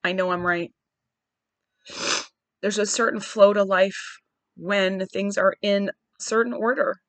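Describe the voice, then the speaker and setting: This woman in her forties has a medium-pitched voice with fairly even intonation, speaking slowly and without echo. On her podcast, she offers a personal, reflective monologue, thinking aloud in a candid, searching and wry way.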